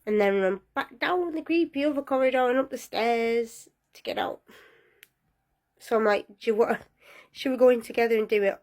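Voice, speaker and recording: A young woman telling a personal story in a casual, lively way, often breaking into laughter. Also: on the high side.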